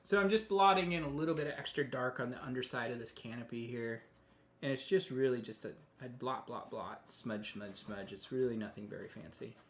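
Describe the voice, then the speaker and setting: A man teaching a live painting tutorial, relaxed and chatty, often thinking aloud as he works. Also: mid-range voice, a little fast, reverberant. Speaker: painting instructor.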